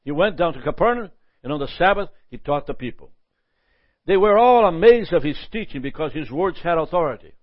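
A man teaching a Bible lesson in a lively sermon style, often asking "Amen?" and chuckling. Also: on the high side, fairly quick, dry recording, muffled recording.

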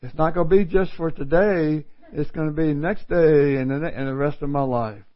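A man's voice: on the high side, moderate pace, highs cut off. A man preaching a sermon in a folksy, self-mocking way, laughing often as he works through a Bible passage.

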